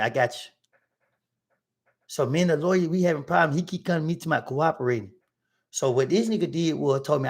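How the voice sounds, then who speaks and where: Gravelly man telling a story. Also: on the high side. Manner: animated, acting out both sides of arguments in his story; slangy street vernacular. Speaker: livestream host telling a story. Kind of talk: casual storytelling to a livestream audience.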